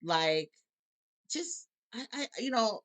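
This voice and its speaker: A woman's voice: fairly high pitch, lively intonation, slow, fairly bright tone. Tearful woman telling her story. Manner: emotional, laughs through tears, acts out her own thoughts. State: tearful at times. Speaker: guest, musician and life coach. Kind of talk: candid personal conversation.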